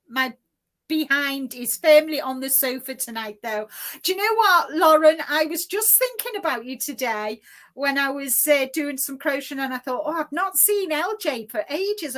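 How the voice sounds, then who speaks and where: A high-pitched woman with a Scouse-tinged northwest English twang hosts a casual live-stream chat. She sounds chatty and giggly as she reads out viewers' comments over a video call. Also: a bit bright. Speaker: host of a live crochet stream.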